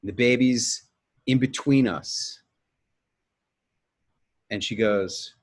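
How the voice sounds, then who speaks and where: A man's voice: medium pitch, drawn-out words, pauses often, breathy edge. A middle-aged man hosting a webinar, telling a candid, rambling personal story and correcting himself as he goes. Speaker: webinar host.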